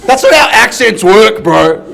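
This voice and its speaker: A man's voice: sits high, sing-song, unhurried, creaky, fairly bright tone. A man from Melbourne with an Australian accent, performing a crude, loose stand-up set with crowd work. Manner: crude, crowd-work banter, swears freely. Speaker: stand-up comic.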